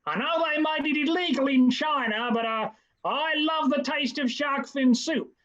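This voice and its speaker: A man's voice: very high voice, normal speed, a bit bright, dull audio. A man playing a brash Australian taxi driver with a put-on Australian accent who rambles off topic. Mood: boastful. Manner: drifting off-topic boasts. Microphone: video call.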